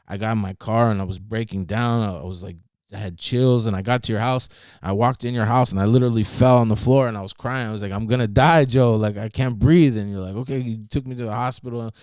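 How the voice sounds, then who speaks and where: A man with a lowish, smooth, clear voice who tells a personal story in an earnest, confessional tone, often quoting what others said. He sounds close to the mic in a dry space with no echo. He speaks as a grateful former student. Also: a little mellow.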